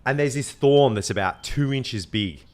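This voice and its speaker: A man's voice: mid-range voice, moderate pace. A man hosting a podcast, telling a story in casual chat, swearing and mimicking voices. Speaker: podcast host.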